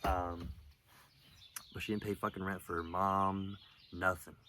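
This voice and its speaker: A young man telling a personal story in a rambling, profane, halting way, with lots of fillers, outdoors. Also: low-pitched, level tone, bright, forceful tone, a little hiss or hum. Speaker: vlogger. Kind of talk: casual storytelling monologue.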